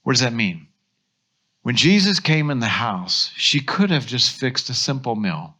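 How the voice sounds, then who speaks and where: Man, pastor, American accent, sermon, storytelling, bright forceful voice. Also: mid-range voice, a little slow. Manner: animated storytelling, acts out quotes.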